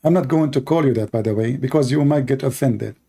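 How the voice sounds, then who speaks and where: A man's voice: mid-range voice, fast talker, mellow, breathy edge. A man hosting a live call-in debate show in slightly broken English, mocking and taunting his callers.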